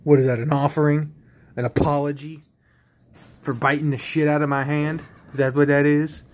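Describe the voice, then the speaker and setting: A man's voice: on the high side, level tone, moderate pace. A man at home filming his pet on a phone, teasing it and swearing casually in a playful singsong. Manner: teasing, profane baby-talk to an animal. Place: indoors at home.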